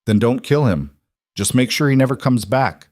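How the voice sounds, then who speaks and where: A man's voice: mid-range voice, animated, moderate pace, darkish tone, no room sound, clean studio sound, pitched above the performer's own voice, lightly acted. A man voicing a fierce, defiant young woman fighter who speaks in cutting, blunt lines. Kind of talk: scripted storybook voice.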